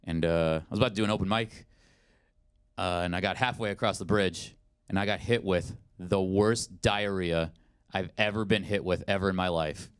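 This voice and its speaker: A man in his twenties performing a stand-up comedy set, telling self-deprecating stories in an animated way. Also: sits low, normal speed, smooth. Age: 20s. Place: comedy stage in a studio.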